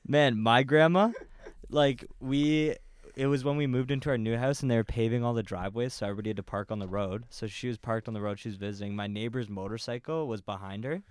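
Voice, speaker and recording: A young man co-hosting a podcast, telling stories in a relaxed, casual way with some swearing. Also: medium pitch, fast talker, smooth, no echo. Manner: easygoing storytelling, swears. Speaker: podcast co-host. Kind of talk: casual chat.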